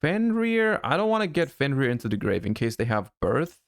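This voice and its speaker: A man streaming a card game live, thinking his plays through out loud, with sudden excited outbursts. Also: mid-range voice, brisk, no echo, clean studio sound. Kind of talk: live-stream gameplay commentary.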